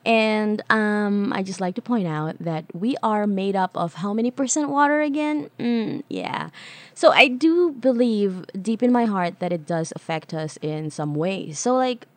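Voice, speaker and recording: Woman host, solo podcast chat, bubbly and rambling, mid-pitched, dry close sound. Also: expressive, unhurried, no echo. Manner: bubbly, rambling, talks to listeners as "beautiful creatures"; voices imagined listener questions to herself.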